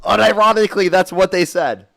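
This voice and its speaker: A man's voice: medium pitch, quick pace. A young man hosting a live political debate stream, combative and profane, rattling off thanks to donors. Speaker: streamer host debating guests. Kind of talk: heated live debate and donation shout-outs.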